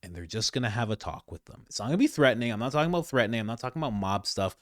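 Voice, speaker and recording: A man's voice: medium pitch, rapid-fire, dry recording, studio quality. A middle-aged man hosting casual political commentary, talking straight to his viewers in a conversational way. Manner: animated, conversational, addresses viewers directly.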